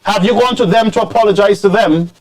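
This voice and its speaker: A man hosting political commentary, scolding and animated, dropping into Creole phrases. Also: high voice, brisk. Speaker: commentary show host.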